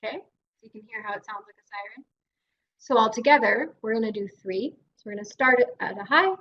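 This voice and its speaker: A woman's voice: on the high side, brisk, a bit bright, dull audio, slight background noise. A Canadian woman speech-language pathologist leading a guided voice exercise class in an encouraging way. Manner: encouraging, demonstrates vocal drills.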